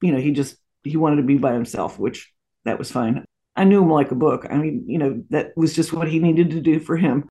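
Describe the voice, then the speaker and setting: Gravelly woman in her 60s, chatty guest telling family stories. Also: sits low, a little fast. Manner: warm anecdotal storytelling with frequent laughs and asides. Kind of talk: storytelling interview.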